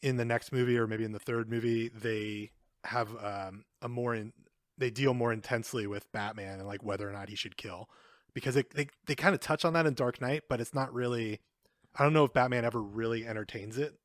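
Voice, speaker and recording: A man's voice: mid-range voice, fairly quick, no echo, studio quality. A man co-hosting a podcast, talking loosely and at length about a film, with lots of swearing and filler words. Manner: loose and rambling, heavy swearing, many fillers. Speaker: podcast co-host. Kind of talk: casual film discussion.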